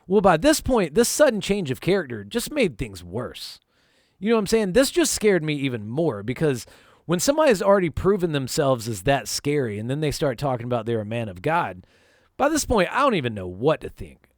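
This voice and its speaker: Storytime vlogger from North Carolina, animated pitch, casual and swearing, dry close sound. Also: male voice, fairly quick, no room sound. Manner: profane, conversational, emphatic. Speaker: vlog host telling a personal story.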